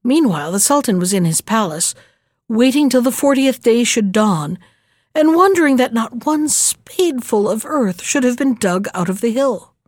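A woman narrating a fairy tale in a measured, gentle storytelling manner. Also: a little high, animated, no room sound, studio quality. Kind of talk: storybook reading.

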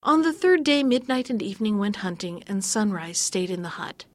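A woman narrating a fairy tale in a measured, gently expressive storytelling voice. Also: mid-range voice, no room sound.

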